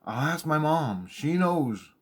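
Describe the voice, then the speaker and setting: A man briefly voicing his calm, matter-of-fact female coworker while retelling a story. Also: a little high, slow pace, slightly rough, voice pushed up, full character voice.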